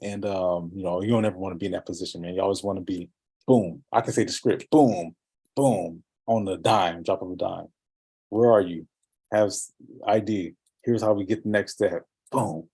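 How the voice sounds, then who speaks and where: Husky, low-voiced man, energetic chat. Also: moderate pace. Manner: energetic, emphatic, says "man" and "boom". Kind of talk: casual coaching chat.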